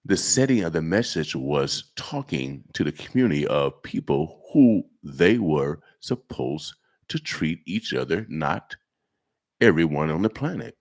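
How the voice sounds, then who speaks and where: Guy doing a slow deep old-testament prophet voice, real grave and preachy. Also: big pitch swings, heavily acted. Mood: solemn. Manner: slow, grave, sermon-like reading. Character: deep solemn male biblical prophet.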